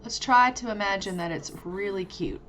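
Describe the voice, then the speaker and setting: A woman's voice: mid-range voice, normal speed, a bit bright. A woman, chatting playfully through a life-sim game and laughing as she voices its characters. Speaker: gameplay host. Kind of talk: casual game commentary. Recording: dull, lo-fi audio with faint noise.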